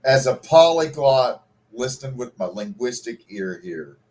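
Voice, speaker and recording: A man's voice: medium pitch, lively intonation, a little slow, darkish tone, a little hiss or hum. A man from Kentucky hosting a podcast, chatting casually and rambling with many restarts. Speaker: podcast host. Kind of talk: casual chat.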